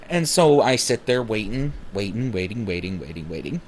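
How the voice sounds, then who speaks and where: A man telling his own story casually, rambling with many fillers and self-corrections, and growing animated when he acts out dialogue. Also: mid-range voice, moderate pace, a little hiss or hum.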